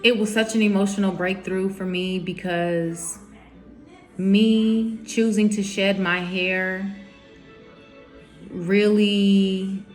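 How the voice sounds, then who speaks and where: A woman's voice: mid-range voice, level tone, slow, long pauses, faint music behind. A young woman telling a personal story to camera at home, candid and emotional, with informal slangy quoted speech. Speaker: vlogger.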